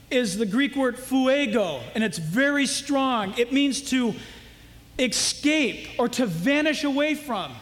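A pastor delivers a sermon in an unhurried, lively way, playing out the voices in his stories. His voice sits very high for a man. The sound carries a long hall reverb. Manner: animated, acts out voices for stories.

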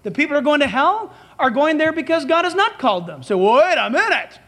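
A man's voice: very high-pitched, sing-song, fairly quick, a bit bright. A man preaching a sermon as pastor, emphatic and dramatic, acting out the dialogue he quotes.

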